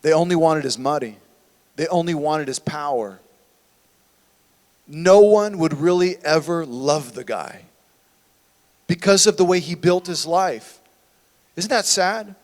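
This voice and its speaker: A man's voice: on the high side, unhurried, pauses often, a little mellow, in a large hall. A man preaching a sermon as a church pastor, conversational and full of rhetorical questions. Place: church sanctuary.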